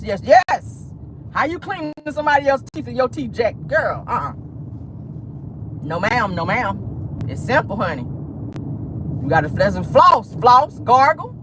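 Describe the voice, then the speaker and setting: A woman's voice: a little high, background noise. A woman vlogger giving casual, sassy celebrity gossip commentary from inside a car, dropping 'honey' and 'baby' into her talk. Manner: sassy, drawling, full of 'honey' and 'baby' asides.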